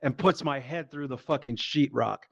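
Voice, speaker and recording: A man doing a stand-up set, telling a profane, animated story and acting out the quotes. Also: medium pitch, moderate pace, vocal fry, lo-fi sound. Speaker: stand-up comedian. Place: live comedy show.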